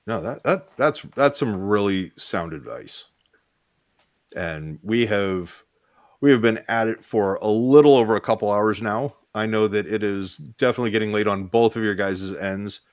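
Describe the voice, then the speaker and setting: A man's voice: on the low side, normal speed, no room sound, studio quality. A man co-hosting a live podcast over a video call, agreeable and prone to stammering restarts. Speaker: podcast co-host. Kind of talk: casual live podcast chat.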